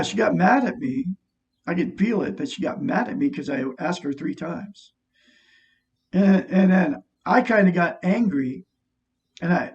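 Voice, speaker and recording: A man's voice: high voice, creaky, distant mic. A man reading aloud from a self-help book and rambling through a personal story in a casual, repetitive way, laughing as he talks. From Oregon, USA. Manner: rambling, repeats himself, laughs while telling stories. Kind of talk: casual reading and chat to camera. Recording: dull lo-fi sound from off the mic.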